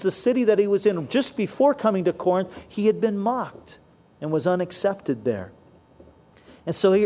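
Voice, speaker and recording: Pastor, male, higher-pitched voice, earnest sermon delivery that slows and sinks when quoting scripture. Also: darkish tone.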